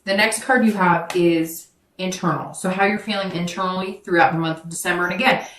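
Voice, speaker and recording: A woman gives her viewers an informal tarot reading at a brisk clip, her lowish, fairly bright voice staying mostly even. She rambles, corrects herself, and speaks directly to them. The recording is distant and echoey, with her voice well away from the mic.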